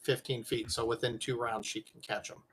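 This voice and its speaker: A man's voice: mid-range voice, little pitch movement, moderate pace, fairly bright tone, slight background noise, rough recording. Man explaining rules as game master. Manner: explains rules patiently and plainly. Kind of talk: running a tabletop game.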